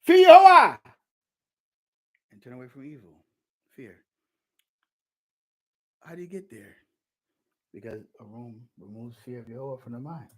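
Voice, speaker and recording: A man's voice: medium pitch, a little fast, dark tone, breathy edge. A man giving an informal scripture teaching in a streetwise, conversational preaching manner. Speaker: religious teacher.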